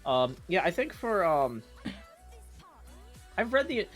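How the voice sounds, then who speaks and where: A man's voice: sits high, sing-song, takes it slowly, fairly bright tone, faint music behind. A man streaming live, chatting casually in an easygoing, wry way.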